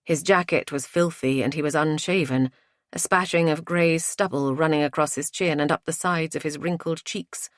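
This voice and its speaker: A woman narrating a domestic thriller audiobook in a measured, even way. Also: low-pitched, no echo, clean studio sound. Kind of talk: scripted narration.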